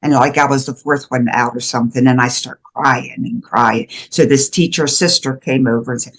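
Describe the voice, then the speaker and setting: A woman's voice: extremely low pitch, fairly even intonation, normal speed, hardly any pauses. An older woman who is a guest educator, talking in an earnest, emphatic way with frequent restarts during a conversational interview. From USA. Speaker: guest, shame and guilt educator.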